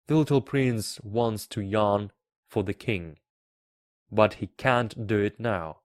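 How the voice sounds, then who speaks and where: A man teaching English by reading a children's book aloud, carefully and deliberately. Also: lowish voice, no room sound, clean studio sound. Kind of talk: slow read-aloud for learners.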